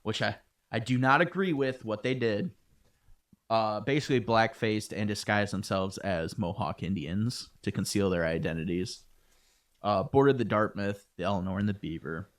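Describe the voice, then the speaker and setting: A man's voice: lowish voice, normal speed. A man co-hosting a history podcast, joking around in loose casual chat with lots of fillers. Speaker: podcast co-host.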